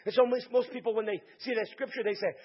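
A man preaches with a high, gravelly voice, calling out to his listeners and building to shouted peaks. His tone is husky. The recording sounds dull and lo-fi. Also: fast talker. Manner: calls out to the congregation, builds to shouted climaxes. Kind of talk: sermon.

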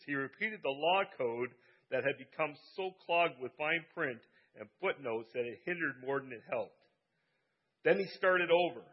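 A man's voice: on the high side, expressive, moderate pace, slightly rough, lo-fi sound. Earnest preacher man, repeating for emphasis. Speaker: pastor. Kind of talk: sermon. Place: church service.

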